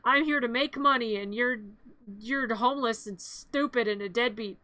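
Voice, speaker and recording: A woman's voice: a little high, moderate pace, bright, forceful tone, dry recording. A streamer voicing a spiteful, cruel old rich woman who snarls exaggerated threats.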